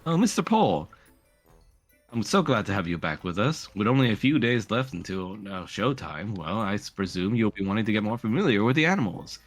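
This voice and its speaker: A jolly, fussy circus ringmaster, effusive and a bit scattered, with a deep voice lifting into bright praise, as a game master plays him. He fills the scene like the host of a travelling show. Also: big pitch swings, brisk, soft background music. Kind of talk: tabletop role-play.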